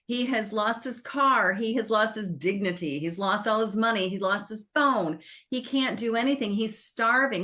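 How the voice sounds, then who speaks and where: A woman film critic, chatting casually and retelling a movie plot in an animated way. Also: medium pitch, a little slow. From United States. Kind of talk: casual film review chat.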